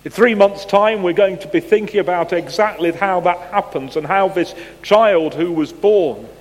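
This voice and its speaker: A man preaching a sermon, chatting with the congregation through a picture quiz and putting questions to them with gentle humor. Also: high voice, normal speed. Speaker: pastor. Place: church. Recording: long church reverb.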